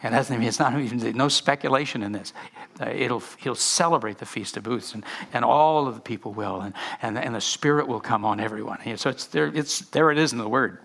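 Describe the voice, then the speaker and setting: Male pastor, gravelly and bright, animated sermon delivery with restarts. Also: mid-range voice, brisk. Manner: animated, many restarts and repeated words.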